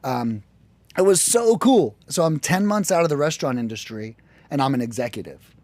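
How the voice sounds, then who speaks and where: Animated, profane American man. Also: mid-range voice, moderate pace, no room sound. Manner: animated, profane, jumps into quoted voices. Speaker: podcast guest, lead generation business owner. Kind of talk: casual storytelling interview.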